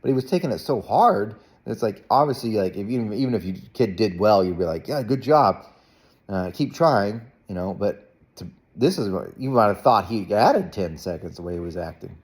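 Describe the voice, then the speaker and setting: Man, casual storyteller dad, low-pitched, rambling with restarts. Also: brisk, slightly rough. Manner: rambling, animated, jumps to a high voice when quoting himself. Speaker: parent vlogger.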